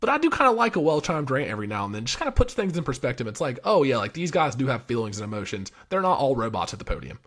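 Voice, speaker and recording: Fast-talking man rattling off stats. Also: mid-range voice, big pitch swings, a bit bright. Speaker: podcast co-host. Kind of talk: casual sports talk.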